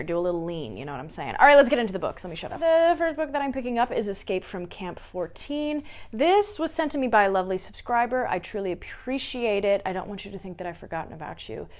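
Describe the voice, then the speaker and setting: A woman talks through her book pile in a relaxed, casual vlog. She is playful and drops jokey asides between books, in a voice of ordinary pitch. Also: fast. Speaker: book vlogger. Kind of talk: casual chat.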